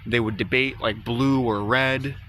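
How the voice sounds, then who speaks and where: Man calmly calling out to spirits outdoors. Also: medium pitch, slight background noise. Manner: calm, slow, coaxing call-outs mixed with casual asides to viewers. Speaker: paranormal vlogger. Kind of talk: ghost-hunting vlog, calling out to spirits. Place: outdoors in a cemetery at dusk. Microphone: phone strapped to his arm.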